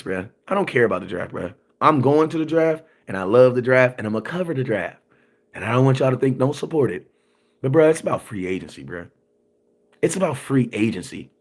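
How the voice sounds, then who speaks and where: Emphatic man ranting on a sports stream. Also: medium pitch. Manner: emphatic and repetitive, slangy, often asks "you know what I'm saying"; answers viewer comments as they come in. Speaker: sports content creator hosting a livestream. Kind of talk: animated livestream rant.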